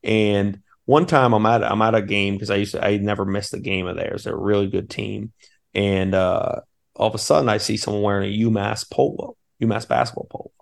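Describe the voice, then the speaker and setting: Gravelly low-voiced man telling stories. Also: fairly even intonation, brisk. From Maine, USA. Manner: eager, rambling, many restarts. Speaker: assistant basketball coach. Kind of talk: casual podcast storytelling.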